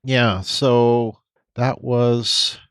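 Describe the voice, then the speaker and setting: A man's voice: medium pitch, flat delivery, very slow, a bit bright, clean tone, no echo. A man co-hosting a podcast in casual chat, rambling and hesitant with many restarts. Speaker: podcast co-host.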